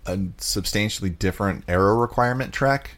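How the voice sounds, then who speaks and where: Low-voiced guy chatting on a podcast, says like a lot, dry little corrections. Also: fairly quick, a bit bright. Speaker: podcast co-host. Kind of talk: casual race recap chat.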